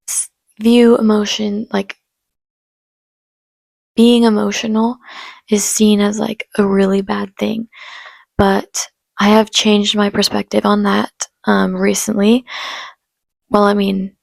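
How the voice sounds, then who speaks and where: A young woman hosts her own podcast in a relaxed, unscripted chat, confiding and full of fillers. Her voice has a gravelly fry and stays fairly flat in pitch. The recording is dry and close. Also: no room sound. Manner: chatty, filler-heavy, soft and confiding, with frequent laughs. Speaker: podcast host. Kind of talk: casual unedited chat.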